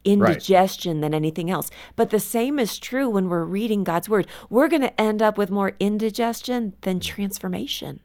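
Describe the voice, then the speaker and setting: A middle-aged woman speaking earnestly as a guest author in a radio interview, softening her voice when she quotes a prayer. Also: mid-range voice, moderate pace, few pauses.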